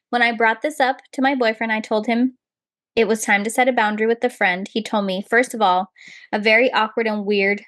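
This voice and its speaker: Expressive young woman podcast co-host. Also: fairly high pitch, no echo. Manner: expressive, laughs often, quick reactions. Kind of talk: reading a listener letter and casual chat.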